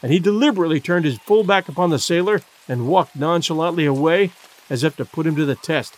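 A man reading a classic adventure novel aloud as audiobook narrator, measured and expressive. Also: fairly high pitch. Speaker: audiobook reader. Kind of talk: scripted narration.

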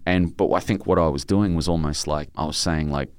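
A man's voice: a bass voice, steady tone, a little fast, a little mellow, clear, resonant tone, no room sound, studio quality. A middle-aged Australian man, an author being interviewed, telling emotional stories in a rambling way with many restarts. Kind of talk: casual interview chat.

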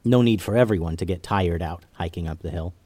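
A man hosting a children's podcast, narrating a story in a gentle, expressive way. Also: low voice, a little fast, slightly rough, dry recording.

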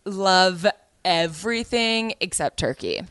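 A woman's voice: fairly low pitch, animated, slow pace, fairly bright tone, clean tone, no echo. A woman from Nevada co-hosting a podcast, chatting casually and laughing easily, with many "like"s. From Las Vegas, Nevada. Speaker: podcast co-host. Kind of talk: casual chat.

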